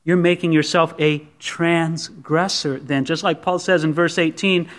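A man preaching a sermon as pastor, telling the story with lively acted-out voices and asking the listeners direct questions. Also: on the high side, measured pace.

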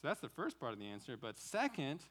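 A man's voice: mid-range voice, wildly swooping pitch, fast, fairly bright tone. A male pastor preaching an expository sermon, asking rhetorical questions and repeating key words for emphasis.

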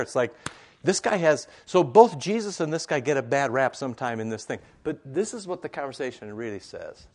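A man's voice: mid-range voice, expressive, brisk, a little mellow. A male pastor preaching a conversational sermon in a church, full of asides and rhetorical questions. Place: church sanctuary.

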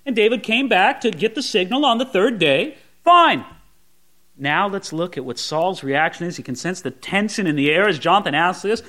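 High, lively male preacher. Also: moderate pace. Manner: asks the listeners frequent rhetorical questions. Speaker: pastor. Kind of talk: expository Bible sermon.

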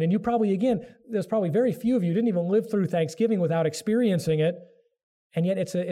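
Earnest preaching man with mellow voice. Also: a little high. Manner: earnest preaching, voices excuses in a raised mock tone. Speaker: pastor. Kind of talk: sermon.

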